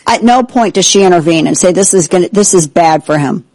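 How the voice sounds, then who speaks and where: A woman's voice: on the low side, a little fast, a little mellow, no room sound, poor audio. A woman hosting a political talk show, delivering indignant, sarcastic commentary.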